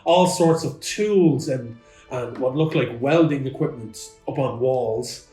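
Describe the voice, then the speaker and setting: A man's voice: medium pitch, slow pace, dark tone. A man, narrating as game master in a rambling, descriptive way with many fillers. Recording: echoey room with faint music.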